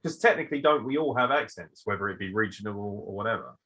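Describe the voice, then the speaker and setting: A man's voice: lowish voice, animated, quick pace, sharp tone, poor audio. A young man hosting a podcast, answering listener questions in a brash, sarcastic way with lots of swearing. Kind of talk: casual banter.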